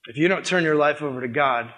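A young man as youth pastor, preaching a sermon with animated storytelling that acts out the dialogue. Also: fairly high pitch, fast.

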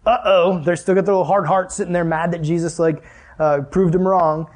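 A man's voice: high voice, a little fast. A man preaching a sermon in a casual, conversational way, acting out the voices of the people in his story and asking the audience questions. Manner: animated, acts out voices of Jesus and Pharisees.

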